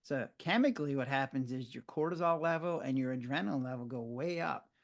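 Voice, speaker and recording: A man's voice: mid-range voice, brisk, vocal fry. An older man, a physician, explaining stress in a conversational interview and acting out his own reactions as he tells stories. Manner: animated storyteller who acts out his own reactions. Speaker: physician guest.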